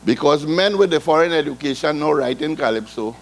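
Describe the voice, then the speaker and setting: A man's voice: a little high, expressive, fairly quick. An older man with a Trinidadian accent, telling rambling, folksy stories in island dialect as a calypso comedian on a ballroom stage. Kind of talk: live stand-up storytelling. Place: ballroom stage before a live audience.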